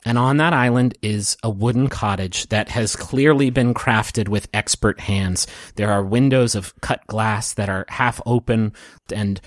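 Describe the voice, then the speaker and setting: A man narrating a tabletop game as game master, soft and emotional, with small restarts. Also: fairly low pitch, a little slow, no room sound, studio quality.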